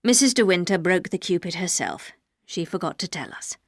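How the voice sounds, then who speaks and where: A woman voicing a gruff, brooding older aristocratic husband, speaking low, curt and measured. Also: lively intonation, no echo, clean studio sound.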